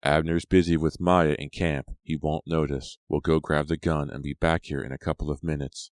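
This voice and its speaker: A man's voice: a bass voice, flat delivery, moderate pace, no room sound, studio quality. A man voicing a restless teenage boy in an audiobook, muttering. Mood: urgent.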